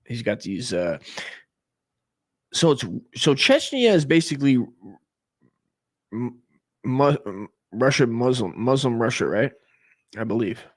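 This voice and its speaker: A man in his forties from the United States who keeps up a rambling, profane comic monologue, full of excitable restarts and tangents. His voice sits at an ordinary middle pitch for a man. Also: slow, long pauses. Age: 40s. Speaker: comedy stream host.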